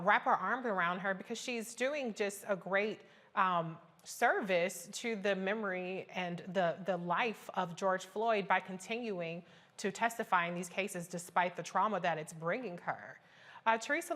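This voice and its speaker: A woman's voice: fairly low pitch, a bit bright. A woman hosting a news talk show panel, asking guests pointed questions in an earnest way. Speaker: panel host.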